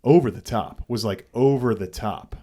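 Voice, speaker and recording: A man's voice: medium pitch, normal speed, mellow, husky. A man co-hosting a podcast, telling a story casually and animatedly, with frequent swearing and restarts. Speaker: podcast co-host.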